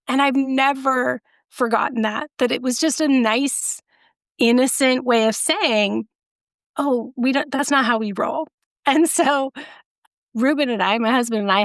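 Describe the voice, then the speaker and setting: A woman's voice: a little high, vocal fry, fairly bright tone, no echo, clean studio sound. A middle-aged woman, a podcast guest, telling a rambling, self-deprecating story in casual conversation.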